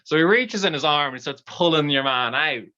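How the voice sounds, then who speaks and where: An Irish storyteller spinning a bawdy comic tale in a loose, chatty way. The voice is bright and forward, and the livestream audio is a little dull. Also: medium pitch, moderate pace. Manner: bawdy, lively and conversational.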